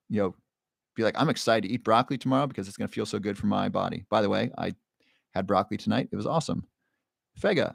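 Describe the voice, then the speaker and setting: A man hosting a live stream, reading viewer comments and coaching them with quick, earnest questions. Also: fairly low pitch, gravelly, dry recording, clean studio sound. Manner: encouraging, coaching with rapid questions; earnest, emotional at times. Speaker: livestream host.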